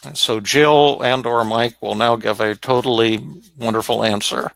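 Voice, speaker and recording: An older man hosting a live Q&A as a psychiatrist, speaking gently with frequent repeated words. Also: medium pitch, fairly even intonation, moderate pace, gravelly, dry recording, low-quality recording. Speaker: psychiatrist host. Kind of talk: live Q&A chat.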